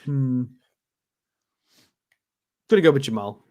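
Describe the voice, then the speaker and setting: Relaxed joking podcast co-host, man. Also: mid-range voice, slow. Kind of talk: casual chat about match predictions.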